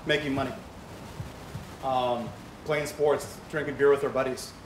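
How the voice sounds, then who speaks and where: A man's voice: medium pitch, fairly even intonation, a little slow. Man telling stories at a fundraiser. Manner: anecdotal, asks rhetorical questions. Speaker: speaker at a charity fundraiser. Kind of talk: conversational speech to an audience. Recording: echoey hall with faint background hum.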